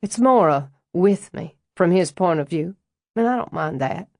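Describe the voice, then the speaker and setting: A woman reads a poised older Southern woman in a storybook audiobook, with a low and dry voice. She is blunt and wryly amused, and she never hurries to soften her words. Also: expressive, a little slow, dry recording. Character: frank, wry, elegant older Southern woman estate owner.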